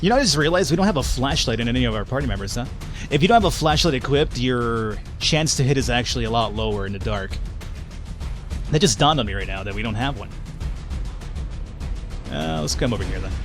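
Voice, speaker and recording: A man's voice: mid-range voice, expressive, brisk, pauses often, faint music behind. Chatty young man commenting on gameplay. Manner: chatty and joking, with casual swearing. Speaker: let's play host.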